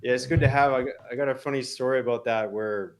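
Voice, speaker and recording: A man's voice: medium pitch, fairly even intonation, fast talker. A man, a YouTube creator, chatting as a guest in a casual podcast interview, easygoing and fond of telling stories. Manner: easygoing, storytelling, laughs along.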